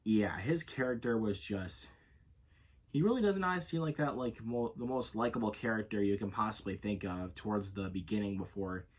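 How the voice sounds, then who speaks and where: A man with a lowish voice and a breathy edge gives a casual, unscripted movie review. He rambles, corrects himself as he goes, and leans on filler phrases.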